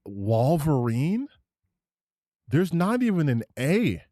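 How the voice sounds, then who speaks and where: A male streamer who reacts to clips with sarcastic, swearing commentary. His pitch swings widely as he talks, and the recording is close and dry. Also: expressive, a little slow, no echo.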